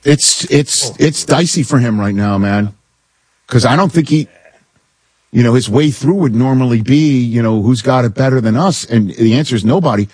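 A man hosting a sports talk show, giving opinions in an animated, incredulous way as he riffs with his co-hosts. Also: medium pitch, moderate pace, breathy edge, dry recording, clean studio sound.

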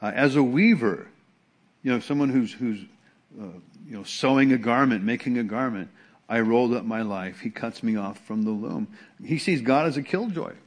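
A man's voice: mid-range voice, moderate pace. A man as pastor preaching a conversational, emphatic sermon, often restarting words.

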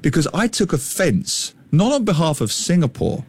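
A middle-aged man with an East London accent, talking as a podcast guest in an emphatic, animated storytelling way. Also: on the high side, normal speed, slightly rough. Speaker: guest, author and former teacher. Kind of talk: casual podcast conversation.

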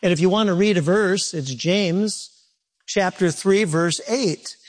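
A man's voice: high voice, a little slow. A male pastor preaching a sermon in a church, conversational and self-deprecating, often restarting his sentences.

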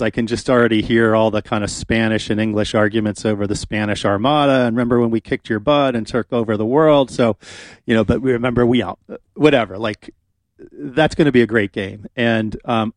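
A man's voice: mid-range voice, no room sound. Chatty male radio host, dry studio sound. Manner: relaxed, chatty, with frequent fillers. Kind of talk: casual radio talk. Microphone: studio microphone.

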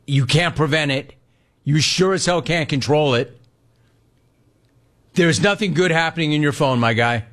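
A man's voice: mid-range voice, a bit bright. A man hosting sports talk radio, delivering an emphatic monologue and repeating lines for punch, into a studio microphone.

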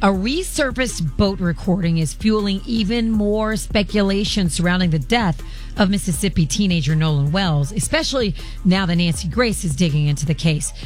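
A woman co-hosting a morning radio show, reading the news in a brisk, conversational way. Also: medium pitch, faint music behind. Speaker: news co-host.

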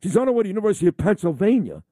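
A middle-aged man talking on the radio in a casual, boastful, rambling way. His voice is somewhat high and swings widely in pitch, with a warm, mellow tone. The sound is close and dry. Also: big pitch swings, racing, no echo. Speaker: radio talk show host. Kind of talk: casual on-air chat.

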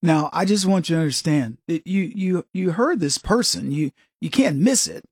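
A man's voice: a little high, lively intonation, moderate pace, hardly any pauses, husky, no room sound, studio quality. A man hosting an opinion commentary, talking straight to viewers in an emphatic way and often repeating words. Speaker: commentary host.

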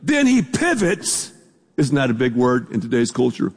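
A man's voice: medium pitch, wildly swooping pitch, normal speed, slightly rough. A man preaching a sermon as pastor, talking in a casual, conversational way with repetitions and asides to the congregation, recorded in a church sanctuary. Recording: long hall reverb from a large room.

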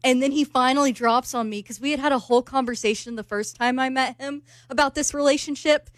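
A woman's voice: high-pitched, brisk, dry recording, clean studio sound. A woman from the United States, telling a story animatedly on a chat show and laughing often. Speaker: co-host. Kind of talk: casual chat.

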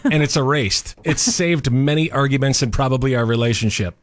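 A man's voice: medium pitch, brisk. A man co-hosting a radio show, chatting easily, laughing and reading out listener texts. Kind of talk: casual radio chat.

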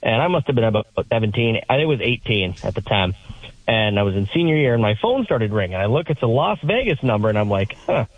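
A man's voice: lowish voice, very animated, quick pace, no echo. A man calling in to a radio show, telling a story animatedly and mimicking voices as he goes. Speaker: caller. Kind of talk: storytelling phone call. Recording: tinny phone line.

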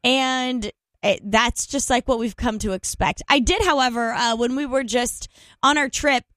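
A woman's voice: fairly high pitch, moderate pace, no room sound. A woman co-hosting a radio morning show, telling a story casually with lots of fillers and acted-out quotes. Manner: animated, acts out quotes, many fillers.

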